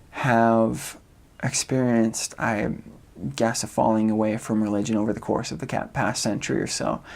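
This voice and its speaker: A man's voice: mid-range voice, gravelly. A young American man in his twenties, a returned missionary, giving a casual informational talk with lots of fillers and frequent chuckles. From United States. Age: 20s. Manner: relaxed, many fillers, chuckles often.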